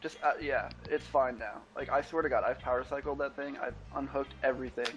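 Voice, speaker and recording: A young man tells a meandering story, slipping into the voices of the people he called. His pitch sits in the middle range, and faint music plays behind him. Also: steady tone, a little fast, highs cut off. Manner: rambling, acts out both sides of phone calls. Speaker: podcast co-host. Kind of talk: casual storytelling chat. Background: faint background music.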